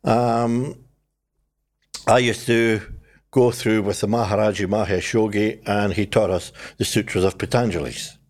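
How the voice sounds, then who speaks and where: An older man, telling his life story in a relaxed conversation and acting out the voices of people in it. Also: lowish voice, measured pace. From New Zealand. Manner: animated storyteller, acts out his own past voice and others. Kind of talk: conversational testimony.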